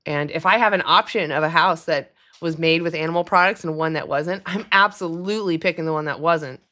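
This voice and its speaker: A woman's voice: sits low, a little fast, pushed and bright. Chatty woman hosting a livestream. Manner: chatty, laughs often, answers commenters. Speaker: livestream host. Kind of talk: casual live-stream chat.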